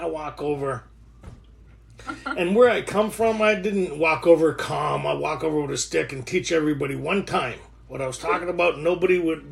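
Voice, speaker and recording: A man in his thirties sharing his recovery story in a rough, joking way, with many restarts. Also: fairly high pitch, fairly bright tone, slight background noise. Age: 30s. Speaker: recovery workshop speaker. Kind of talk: candid recovery share.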